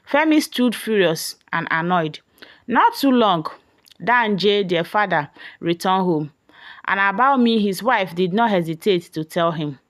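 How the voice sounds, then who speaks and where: A woman's voice: mid-range voice, a bit bright. A woman reading a moral folk story aloud in a dramatic storytelling manner. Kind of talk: read story narration.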